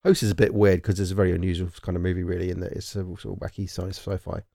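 A man's voice: low-pitched, flat delivery, racing, vocal fry, warm tone, dry recording, studio quality. A man with a southern English accent co-hosting a film podcast, rambling with plenty of fillers and casual swearing. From England. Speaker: podcast co-host. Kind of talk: casual chat.

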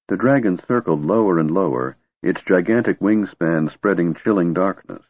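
A man narrating an audiobook in a steady, measured reading voice, on a tinny narrow-band recording. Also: low voice, no room sound.

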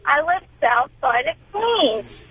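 A woman's voice: sits high, big pitch swings, slow pace, no room sound. A woman calling in to a radio show from Queens, defensive and indignant. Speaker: caller. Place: Queens, New York. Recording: phone line.

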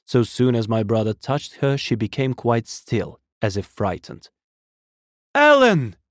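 A man reading a story aloud in measured, dramatic scripted narration. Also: mid-range voice, mellow, dry recording, clean studio sound. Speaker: audiobook narrator.

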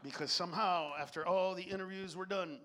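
High-voiced man doing profane stand-up. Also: steady tone, fairly quick, slight background noise. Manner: profane, swings between shouting and low asides. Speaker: stand-up comedian. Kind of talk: stand-up routine.

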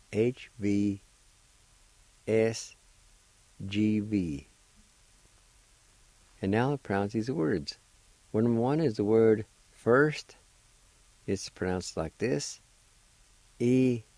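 A man's voice: fairly low pitch, dark tone, no room sound, low-quality recording. A man hosting a radio language lesson, patiently spelling and pronouncing each word syllable by syllable. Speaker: radio host teaching Cherokee words. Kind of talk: slow spelling and pronunciation lesson.

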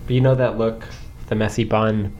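A man's voice: on the low side, little pitch movement, moderate pace, a little mellow, dull audio, slight background noise. A young man co-hosting a podcast, talking in a rambling way with many fillers and frequent laughs. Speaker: podcast co-host. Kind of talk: casual chat.

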